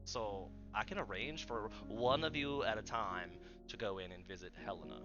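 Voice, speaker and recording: A man voicing a huge, affable male warrior gatekeeper in a tabletop game, speaking calmly and patiently with an attempted Irish accent. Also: fairly low pitch, normal speed, highs cut off, natural voice. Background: background music.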